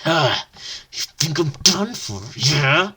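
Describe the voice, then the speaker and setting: A woman voices a hostile villain who shouts in a rough, raspy voice. The lines swing widely in pitch and come out slowly and forcefully. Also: sing-song, full character voice. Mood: defiant. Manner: loud, shouting, dramatic. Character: angry shouting villain warrior and monster guards.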